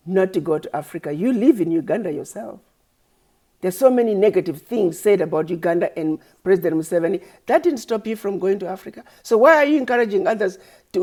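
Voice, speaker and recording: Here an organization founder, a woman with a medium-pitched, dark voice, gives a fiery speech. She berates her critics, piling up rhetorical questions and repeating herself like a preacher.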